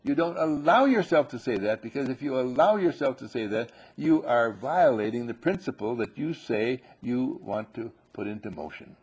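A man's voice: medium pitch, lively intonation, normal speed, few pauses, darkish tone, husky. A man teaching a live group as their spiritual teacher, firing questions at them and hammering his points home through repetition.

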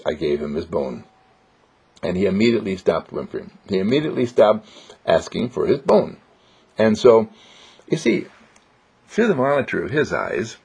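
Husky creaky-voiced man giving joyful affirmations. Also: deep voice, darkish tone. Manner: sing-song, joyful, repetitive affirmations. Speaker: inspirational speaker. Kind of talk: spiritual motivational monologue. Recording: dull lo-fi recording.

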